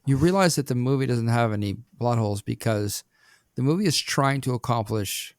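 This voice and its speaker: A man's voice: mid-range voice, lively intonation, normal speed, dry recording, studio quality. A man co-hosting a film review podcast, talking casually, blunt and opinionated. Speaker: podcast co-host.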